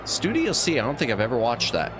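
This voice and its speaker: A man streaming a game as a VTuber, chatting casually with viewers and reacting loudly to what happens on screen. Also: mid-range voice, big pitch swings, fast talker. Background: game music.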